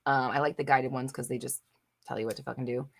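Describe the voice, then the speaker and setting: A young adult woman with a bass voice talks fast with fairly even intonation while hosting a live manifestation Q&A. She reads viewer comments aloud and answers bluntly and emphatically, swearing casually and using many fillers.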